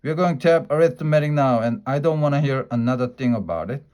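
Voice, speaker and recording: A man's voice: mid-range voice, quick pace, a little mellow, close to an everyday voice. A firm, no-nonsense kindergarten teacher, put on by a man reading a storybook. She talks in a stern, clipped way. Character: strict kindergarten teacher, woman.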